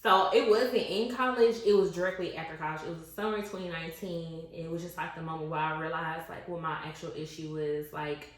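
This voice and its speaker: A woman in her twenties tells a personal story in casual, slangy podcast chat, animated and candid. Her voice is low and fairly quick, with hardly any pauses. The room is very echoey.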